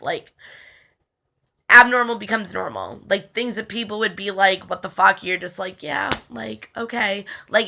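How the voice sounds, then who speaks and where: Young woman with a bright, gravelly voice, casual spiritual talk, rambling with lots of fillers. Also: medium pitch. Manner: rambling, frequent "like" fillers, stumbles over words and laughs. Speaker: spiritual healing video host. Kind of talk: casual talk reading aloud from a text.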